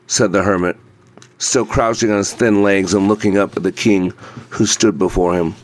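A man narrating a folk tale aloud in a measured, steady reading voice, slowing down in places. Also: on the low side. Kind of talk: scripted storybook narration.

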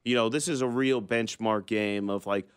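Male sports talk co-host, deep and resonant, conversational, dry studio sound. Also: fairly even intonation, normal speed, smooth, no room sound. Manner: conversational, agrees then adds his own analysis.

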